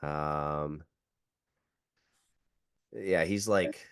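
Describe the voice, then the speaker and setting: A man's voice: a bass voice, extremely slow, smooth, dry recording, clean studio sound. A man in his thirties, a jiu-jitsu coach and podcast guest, telling a story casually with lots of "like" fillers. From Canada. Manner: filler-heavy, acts out quotes.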